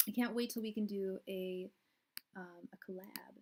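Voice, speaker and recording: A young woman giving a live tarot reading in a casual, meandering way. Her voice sits at a middle pitch. She circles back on her words and pushes her voice out to be heard. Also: fairly even intonation, normal speed, a little hiss or hum. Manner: casual, rambling, many fillers and restarts; projecting loudly so the audio carries. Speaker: tarot reader.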